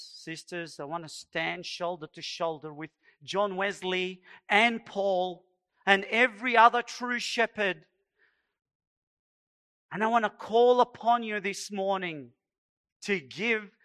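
Male preacher with a raised, bright tone; slow, pleading, emphatic sermon. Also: high voice. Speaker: pastor.

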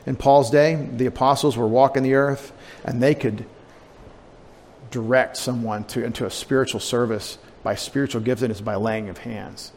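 A male pastor delivers an evening sermon in a relaxed, conversational way, wandering into asides and restarting his sentences. His voice sits at an ordinary middle pitch. The church adds a long reverb tail, with a faint hum of room noise behind him. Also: normal speed. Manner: conversational, digressive, with fillers and asides. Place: church sanctuary.

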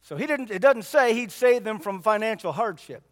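A man's voice: sits high, animated, normal speed, big-room sound. A man preaching a sermon in a church, folksy and emphatic, repeating his points for weight.

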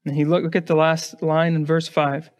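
A man's voice: a little high, flat delivery, normal speed. A male pastor preaching an emphatic sermon, putting rhetorical questions to his congregation and often repeating words as he starts a phrase.

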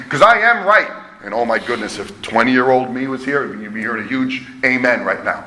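A man's voice: on the high side, pushed and bright. A middle-aged man preaching a conversational, emphatic sermon as pastor. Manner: conversational, emphatic, self-deprecating. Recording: echoey room with faint hum.

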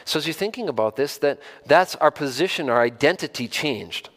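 Earnest pastor with a slightly high voice. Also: male voice, animated, a little fast, fairly bright tone. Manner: conversational preaching, repeats words, rises to emphatic stress; asks the listeners direct questions. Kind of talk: sermon.

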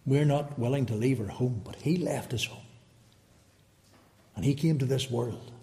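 A man delivers an impassioned evangelistic sermon at a mid-range pitch. He presses his listeners with repeated rhetorical questions. His voice rings out with a long reverb in a church hall. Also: moderate pace, mellow. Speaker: preacher.

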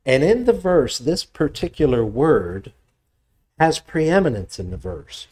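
A man delivers a teaching sermon in a mellow, relaxed voice, thoughtful and steady. He stops now and then to restart a phrase. When he reads scripture aloud, his voice rises for emphasis. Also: on the high side, a little slow. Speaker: pastor. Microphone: presenting with slides on screen.

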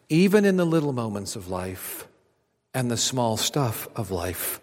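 A man preaching a sermon to a congregation, swinging between loud emphatic lines and hushed near-whispers. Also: mid-range voice. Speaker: pastor. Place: church auditorium. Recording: long hall reverb.

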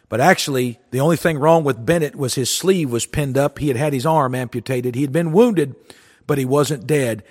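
A man's voice: medium pitch, in a large hall. A man preaching a sermon, telling a folksy story in an earnest way.

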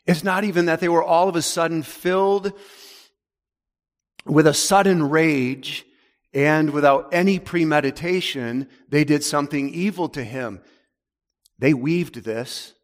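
A man preaching a sermon as pastor, emphatic, dropping low and slow on key words. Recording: long hall reverb.

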